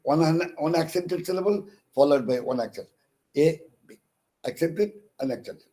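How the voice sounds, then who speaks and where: A man's voice: fairly high pitch, normal speed, warm tone. A man with an Indian English accent giving an online lecture on poetic meter, hesitant with many fillers and restarts, stressing syllables when he reads examples. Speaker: counsellor teaching English literature.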